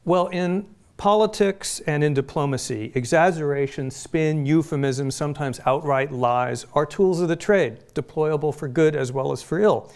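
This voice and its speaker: A middle-aged man from Phoenix giving a prepared public lecture, measured and deliberate, with pointed emphasis. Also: fairly high pitch, clean tone. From Phoenix, Arizona, US. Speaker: guest lecturer. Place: lecture hall.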